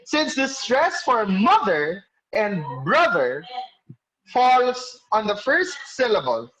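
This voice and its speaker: A male teacher giving an online class lecture over a video call. He explains slowly, quizzes students by name and corrects himself mid-sentence. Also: sits high, huge pitch swings, a bit bright, low-quality recording.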